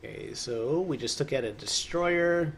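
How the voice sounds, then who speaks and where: A man's voice: medium pitch, lively intonation, unhurried, gravelly, breathy edge. A man hosting a let's play, talking casually through a strategy game and drifting into joking asides as he plays. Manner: rambling, musing aloud with joking asides. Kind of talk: casual gameplay commentary.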